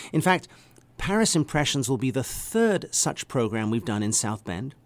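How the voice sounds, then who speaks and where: A man, an orchestra conductor enthusiastically presenting a concert program. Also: mid-range voice. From England. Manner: enthusiastic, hums melodies aloud.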